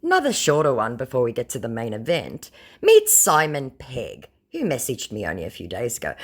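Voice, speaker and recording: Sarcastic Australian woman with a low voice. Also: wildly swooping pitch, fairly quick. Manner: sarcastic and mocking. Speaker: scambaiter and host. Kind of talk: recounting chat messages aloud.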